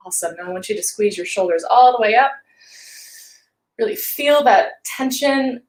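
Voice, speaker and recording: A woman's voice: fairly high pitch, expressive, moderate pace, noisy background. Encouraging female vocal coach, roomy sound. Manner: gentle, encouraging guidance with hums and sung syllables. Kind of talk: live-streamed vocal warm-up instruction. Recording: roomy echo.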